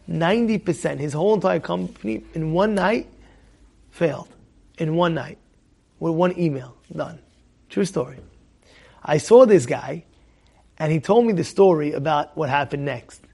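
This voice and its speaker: A man giving a religious lesson with stories, animated and repetitive, asking his listeners rhetorical questions and swinging from loud to hushed. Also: fairly high pitch, normal speed, creaky, pauses often, breathy edge.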